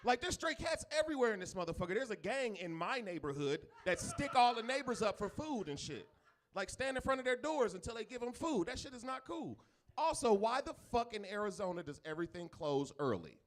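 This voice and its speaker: A man's voice: high-pitched, sing-song, fairly quick, a little hiss or hum. A man doing a stand-up comedy set on a club stage, rambling and griping with plenty of profanity.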